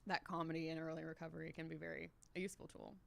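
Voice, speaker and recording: A woman with a Southern US accent hosting a casual interview, chatty and quick to laugh. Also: low voice, level tone, gravelly. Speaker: podcast host.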